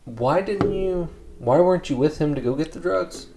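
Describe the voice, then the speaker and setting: A man's voice: a little high, moderate pace, dark tone, soft background music, rough recording. A man co-hosting a podcast, tossing in short agreements and teasing questions in casual chat. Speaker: podcast co-host.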